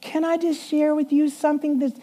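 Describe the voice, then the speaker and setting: Guy doing a tiny sweet church secretary lady voice, high and soft. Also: little pitch movement, brisk, lightly acted. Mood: sweet, gentle. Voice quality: small, soft voice.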